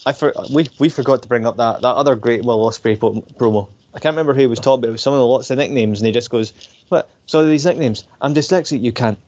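A man's voice: mid-range voice, rapid-fire, hardly any pauses, a little mellow. A man co-hosting a podcast, ranting bluntly and swearing freely in casual chat. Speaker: podcast co-host. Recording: dull lo-fi recording.

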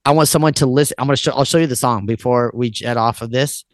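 A man's voice: medium pitch, fast talker, no echo. Rambling, cursing man in his thirties. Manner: rambling, swears often, fills with "like". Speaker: podcast guest, musician. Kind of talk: casual podcast chat.

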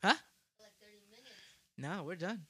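A man's voice: sits high, lively intonation, extremely slow, a bit bright, husky. A young man co-hosting a casual podcast, slangy and profane, joking and laughing with his friend. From Mexican heritage. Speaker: podcast co-host. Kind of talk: casual podcast banter and freestyle rap.

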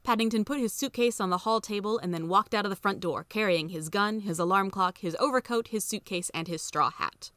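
A woman's voice: mid-range voice, a little fast, few pauses, dry recording. Woman reading a storybook, close dry sound. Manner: steady, even storytelling. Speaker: podcast reader. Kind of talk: scripted storybook narration.

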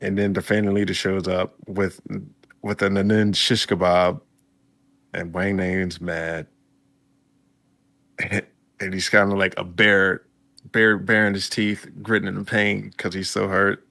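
A man's voice: sits low, flat delivery, a little slow, creaky, long pauses, pushed and bright. A man casually recapping a story for his viewers, chatty and laid-back, breaking in with reactions. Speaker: video host recapping a story.

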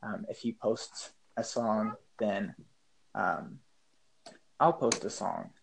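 A man chatting as a guest on a podcast, hesitant and filling pauses with ums. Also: on the low side, vocal fry, slight background noise. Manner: hesitant, lots of ums, laughs easily. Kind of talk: casual chat.

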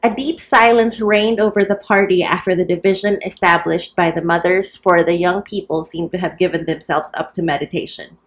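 A woman reads a classic novel aloud in a measured storytelling voice. She keeps the narration steady, then jumps her voice up for the excited dialogue. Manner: lifts pitch and volume for quoted characters. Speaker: audiobook reader. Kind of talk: scripted narration.

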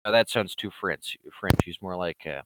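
A man's voice: deep voice, heavy background noise. A man in a casual, rambling monologue, swearing freely and mocking the people he talks about as he addresses his fans. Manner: profane, rambling, quick to mock. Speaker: comic creator addressing his online fans.

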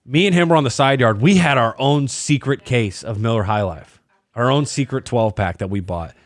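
A man's voice: mid-range voice, moderate pace, dry recording. A young man hosting a podcast, telling crude stories in casual chat and acting out what people said. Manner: profane, animated, acts out quotes. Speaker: podcast host.

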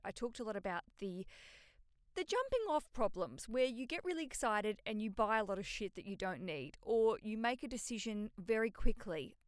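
An Australian woman in her thirties hosts a solo podcast, rambling through stories with cheerful swearing and self-mocking asides. Her voice comes through smooth and clear. The room sounds close and dry. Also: medium pitch, no room sound. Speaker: podcast host. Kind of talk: casual solo podcast chat.

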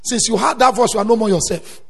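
Man, preacher, very high gravelly voice, emphatic sermon, long hall reverb. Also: fast talker. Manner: emphatic preaching, swinging from low storytelling to loud exhortation.

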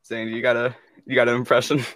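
Young dude on a podcast with friends, bright voice, easygoing, dry close sound. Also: male voice, medium pitch, completely flat delivery, fast, dry recording. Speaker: podcast co-host. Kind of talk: casual chat among friends.

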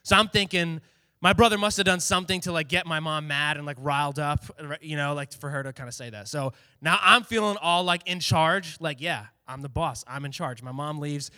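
A man giving a casual storytelling sermon as a youth pastor, animated and acting out the people he quotes. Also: fairly high pitch, a little fast, clear, resonant tone, no room sound, studio quality.

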